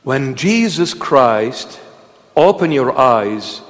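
A man's voice: medium pitch, sing-song, extremely slow, in a large hall. A man serving as a bishop, preaching a sermon in an emphatic, exhortative manner and repeating short commands.

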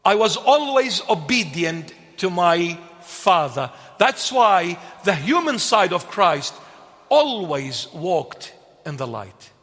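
A man's voice: high voice, sing-song, takes it slowly, a bit bright. A man preaching a sermon, emphatic and repetitive, posing questions and answering them himself. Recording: long hall reverb.

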